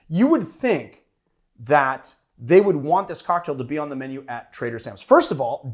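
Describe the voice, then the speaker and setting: A man hosting a cocktail show in casual chat, playfully teasing his co-host. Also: on the high side.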